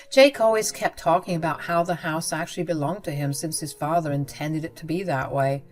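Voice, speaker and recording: A woman reading a first-person story aloud in a steady, measured way. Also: lowish voice. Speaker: story narrator. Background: faint background music.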